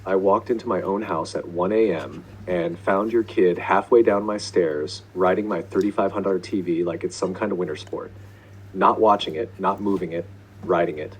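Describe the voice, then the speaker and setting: Exasperated deep-voiced man reading complaints. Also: a little hiss or hum, poor audio. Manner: exasperated, profane, deadpan complaints. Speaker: school principal character writing to parents. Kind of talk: comedic deadpan email narration.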